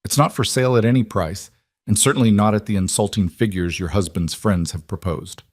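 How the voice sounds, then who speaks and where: Story heroine: man playing a defiant young rancher woman, firm and clipped, low dry voice. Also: a little fast, no echo, close to an everyday voice.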